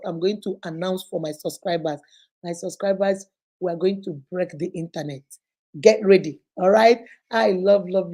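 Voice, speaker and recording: A woman with a Nigerian accent hosting a vlog, chatting casually and animatedly to her viewers. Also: on the low side. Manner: animated, preachy. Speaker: vlogger host.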